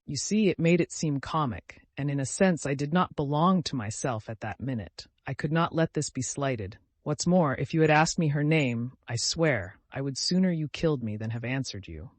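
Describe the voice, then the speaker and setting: A man's voice: on the high side, animated, normal speed, hardly any pauses, no echo. A man voicing an emotional young male clerk, earnest and touchy, in an audiobook reading.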